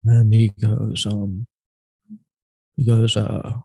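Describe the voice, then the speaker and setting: A man telling a personal story as a podcast guest, halting and hesitant, often trailing off quietly. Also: fairly low pitch, flat delivery, gravelly, a little hiss or hum.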